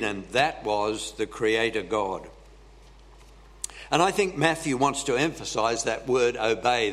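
A male preacher gives a sermon slowly and without hurry, relying on dramatic pauses and frequently clearing his throat. His voice sits in an ordinary middle range for a man and is a bit bright.

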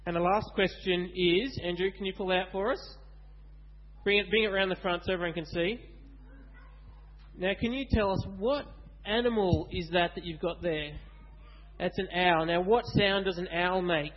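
High-voiced man leading kids. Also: highs cut off. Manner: animated, asks kids questions. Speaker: children's talk leader at church. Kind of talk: lively children's Bible talk.

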